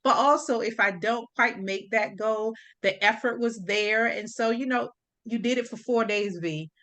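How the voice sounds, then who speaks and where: A woman hosting a podcast in relaxed, chatty conversation, often agreeing with her guest. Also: a little high, moderate pace. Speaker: podcast host. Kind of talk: casual podcast chat.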